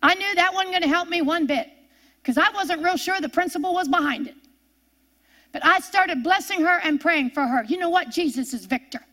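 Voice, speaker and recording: A woman's voice: extremely high pitch, moderate pace, pushed and bright. An older woman preaching a fervent sermon, repeating her refrains and telling stories from her own life.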